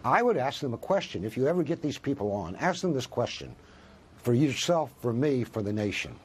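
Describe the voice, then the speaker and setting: A man's voice: medium pitch, very animated, fairly quick, a little mellow, husky. A man, a professor, speaking as a guest in a news interview, arguing with passion and rhetorical questions. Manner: impassioned, argues with rhetorical questions.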